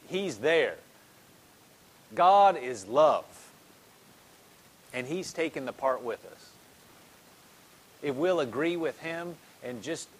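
A man's voice: on the high side, a little hiss or hum, low-quality recording. A man preaching a sermon in a conversational way, repeating phrases and building in intensity.

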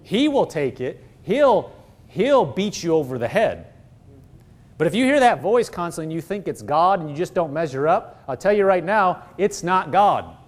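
A man's voice: high voice, sing-song, normal speed. A man preaching a sermon as pastor, emphatic, throwing rhetorical questions at the congregation.

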